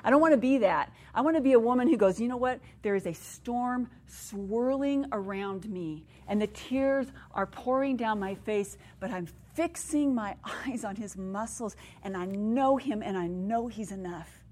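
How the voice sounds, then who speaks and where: A middle-aged woman speaking to a women's gathering, telling stories in a chatty, animated way and laughing at her own anecdotes. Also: on the high side, normal speed, few pauses. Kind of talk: sermon.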